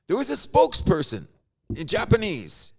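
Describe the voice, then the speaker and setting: Animated, gravelly man hosting sports chat. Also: sits high, moderate pace. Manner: animated, jokey storyteller. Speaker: podcast host.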